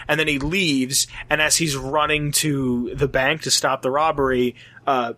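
A man's voice: mid-range voice, flat delivery, a little slow, few pauses, sharp tone, dry recording. A young man in casual chat, rambling with lots of fillers and swearing. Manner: rambling, filler-heavy, profane.

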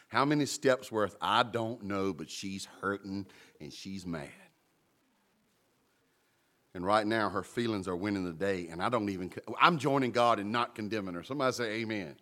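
Preacher guy, jokey, voice leaps way up then drops low. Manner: animated, humorous storytelling with sudden pitch jumps. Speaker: pastor. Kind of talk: sermon.

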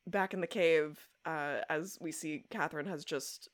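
A young adult woman co-hosting a podcast, recapping a show episode in casual chat, animated and laughing as she acts out quoted lines. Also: sits low, unhurried. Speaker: podcast co-host.

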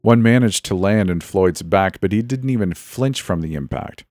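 A man narrating a scripted first-person horror story in a tense, steady way. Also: deep voice, normal speed, no room sound, studio quality.

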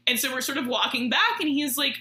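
A woman's voice: high voice, lively intonation, fast talker, bright, forceful tone, echoey room, poor audio. A woman in her thirties telling a story in casual chat, with lots of "like" and laughing through it.

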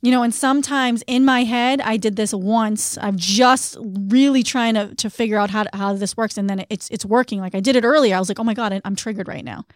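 A woman co-hosting a podcast, explaining coping steps in an earnest, conversational way and slowing down on key phrases. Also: a little high, fairly even intonation, no room sound, clean studio sound. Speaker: podcast co-host.

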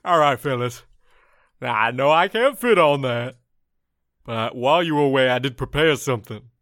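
A man voicing a big, wingless male dragon who is touchy and boastful, speaking loudly and proudly. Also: medium pitch, lively intonation, normal speed, no echo, clean studio sound, lightly acted. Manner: loud and proud, a bit defensive.

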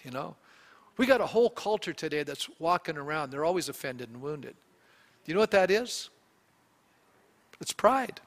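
A male pastor preaching a sermon, animated and often putting questions to the congregation. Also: high-pitched, normal speed, big-room sound.

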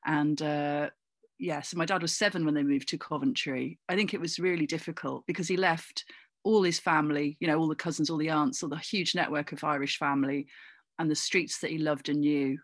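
A middle-aged woman from England, chatting as a guest in an interview, animated and full of asides and fillers. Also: sits low, brisk, no echo. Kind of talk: casual interview chat.

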